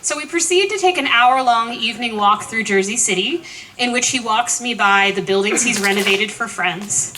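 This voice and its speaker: A woman in her forties telling a lively, self-deprecating personal story at a memorial. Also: on the high side, normal speed, noisy background. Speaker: eulogist.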